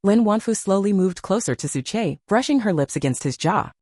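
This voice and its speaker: A woman's voice: mid-range voice, lively intonation, fairly quick, a little mellow, no room sound, clean studio sound. A woman narrating a romance novel in a scripted storytelling manner.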